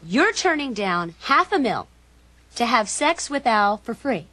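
An actress playing a prim, sharp-tongued sitcom neighbor with a crisp, sarcastic delivery. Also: female voice, fairly high pitch, very animated, measured pace, background noise. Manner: crisp, sarcastic, dramatic storytelling. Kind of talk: sitcom acting. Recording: loud studio audience laughter.

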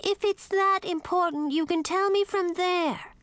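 A woman's voice: extremely high pitch, unhurried, a bit bright, dry recording, pitched above the performer's own voice. A woman voicing a spoiled young princess who snaps haughtily at those around her. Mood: snappish. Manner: snappish, haughty. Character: spoiled young princess bride, sharp and imperious.

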